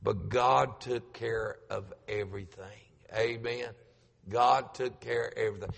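A man's voice: mid-range voice, fairly even intonation, a little slow, vocal fry, a bit bright, in a large hall. A middle-aged man, a pastor telling a story in a sermon, acting out the voices he quotes and repeating lines for emphasis. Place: church sanctuary.

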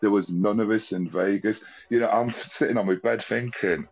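A chatty man with a somewhat low voice, calling in to tell a long, rambling story. He laughs often as he goes and drops the odd casual swear word, in a loose, conversational tone. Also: steady tone, normal speed, muffled recording. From England. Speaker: guest calling in.

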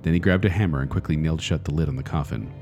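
Deep-voiced man reading a spooky story. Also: darkish tone, soft background music. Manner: deliberate, building suspense. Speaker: podcast host.

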